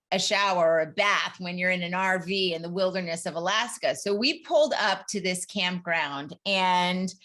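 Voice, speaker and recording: A middle-aged woman co-hosting a podcast, with a bright, clear tone. She talks in a relaxed, casual way and tells her stories with a ready laugh. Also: mid-range voice. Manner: storytelling, laughs often. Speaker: podcast co-host. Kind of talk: casual chat.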